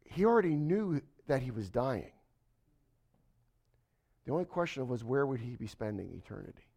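A man preaching a sermon to a congregation, dropping to a hush and then building to slow, emphatic lines. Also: medium pitch, very animated, creaky. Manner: swings from hushed to emphatic, slows for stress. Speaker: pastor.

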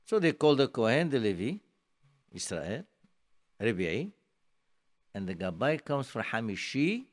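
A man giving a sermon, telling a story emphatically and swinging between soft and loud, with many restarts. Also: medium pitch, very animated, a little slow. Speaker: rabbi giving a talk.

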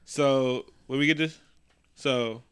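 A man's voice: medium pitch, fairly even intonation, slow, fairly bright tone, clean tone. A man co-hosting a casual podcast, recapping a movie with profane jokes and acted-out quotes. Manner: profane, joking, acts out quotes. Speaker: podcast co-host.

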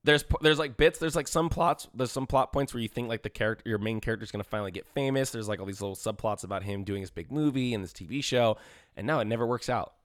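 A man's voice: mid-range voice, quick pace. Profane, emphatic young man chatting. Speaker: podcast co-host. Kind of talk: casual chat.

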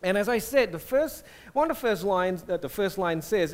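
A man from Singapore, a pastor preaching a conversational, animated sermon. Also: sits high, a little fast, hardly any pauses.

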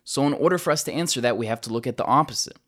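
A man teaching about a church hymn in an earnest, explanatory way, slowing down to stress key words and often restarting his sentences. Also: medium pitch, fairly bright tone.

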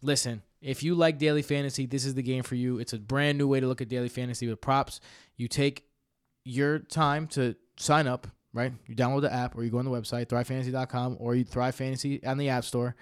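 A young man hosting a podcast and chatting easily with his co-host. His talk is loose and full of fillers, at an ordinary pitch for a man. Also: fairly even intonation, a little fast, hardly any pauses, clean tone. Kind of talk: casual podcast chat.

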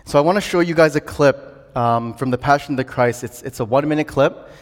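A man's voice: a little high, fairly quick. A man preaching a sermon earnestly, building to emphatic declarations. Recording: long hall reverb.

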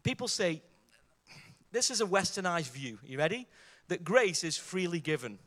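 A man's voice: sits high, sing-song, normal speed, a bit bright. A man preaching a sermon, emphatic and fervent, driving his points with rhetorical questions and repeated exhortations.

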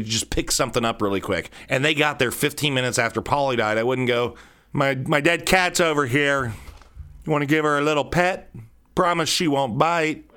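A man in his thirties talks through a solo podcast episode. He is candid and rambling, circling back and repeating words as he goes. His voice sits at an ordinary middle pitch. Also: pushed and bright. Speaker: podcast host.

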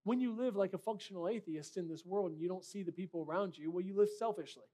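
High-voiced man preaching a sermon. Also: fast talker, warm tone. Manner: direct, conversational preaching with rhetorical questions. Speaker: pastor.

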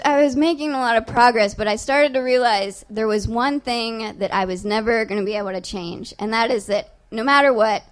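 Young woman telling a wry, profane story. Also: a little high. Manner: casual, profane, self-mocking humor. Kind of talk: live personal storytelling. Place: on stage before a live audience.

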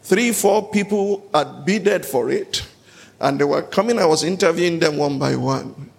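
A man preaching a sermon and telling stories, rising now and then to loud shouted peaks. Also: on the high side, moderate pace, vocal fry, long reverb tail. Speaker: pastor.

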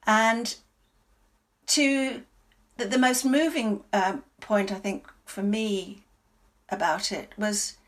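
A woman, a stage actress, talks through her work in a reflective, halting manner. She pauses, circles back and restarts phrases as she thinks. Her voice sits at an everyday middle pitch for a woman. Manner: thoughtful, halting, many restarts. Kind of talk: interview answers.

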